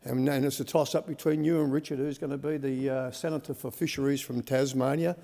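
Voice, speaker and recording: Australian man, rough gravelly voice, chatty matey speech, chamber echo. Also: mid-range voice, steady tone, brisk, mellow. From Western Australia. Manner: folksy, rambling, says "mate" constantly. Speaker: senator. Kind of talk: parliamentary farewell speech. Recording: reverberant parliamentary chamber.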